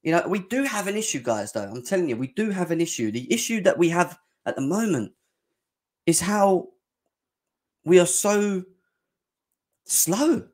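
Hyped young football fan host. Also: male voice, high voice, moderate pace, long pauses. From England. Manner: excitable, shouting, joking, slangy. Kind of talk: live fan show reaction.

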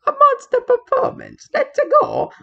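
A woman doing Mario as a cheerful, excitable plumber hero in a homemade fan skit. He is high and very bouncy, jumping all over his range. There is a gravelly edge to him. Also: a little slow, lo-fi sound, faint music behind, heavily acted. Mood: boastful. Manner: exclaims catchphrase often, bouncy.

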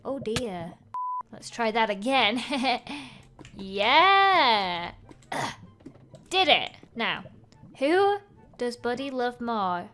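A woman's voice: on the high side, big pitch swings, extremely slow, long pauses, bright, forceful tone. A woman in her twenties giving bubbly, playful commentary while playing a video game. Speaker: gaming video host. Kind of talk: gameplay commentary.

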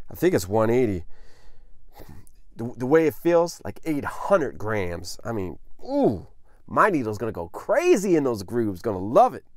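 Here a male vlogger unboxes vinyl in a laid-back video, speaking in a mid-range voice with clean studio sound and no echo. He gushes with enthusiasm, repeatedly dropping "man" as he presents his new record.

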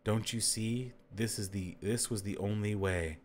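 A man's voice: sits low, a little slow, a little hiss or hum. A man reading the part of a proud, guarded noblewoman who speaks icily. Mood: icy. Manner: icy, clipped.

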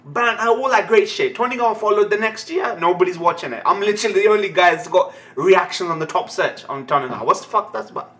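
A young man giving a live anime reaction, excitable and ranting, swearing constantly. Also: high-pitched, fast. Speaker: anime reaction channel host.

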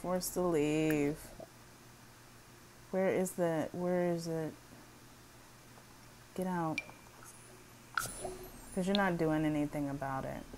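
Woman chatting over her video game, lower voice, slow, gets fed up and cusses. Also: steady tone, darkish tone, slight background noise, rough recording. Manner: exasperated, blunt, swears freely. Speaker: gaming video creator. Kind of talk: casual gameplay commentary.

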